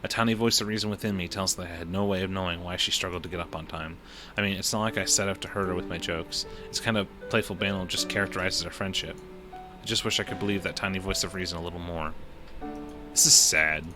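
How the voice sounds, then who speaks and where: A man's voice: low voice, steady tone, fast. A male streamer reading a visual novel aloud in plain narration, adding his own reactions now and then. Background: music.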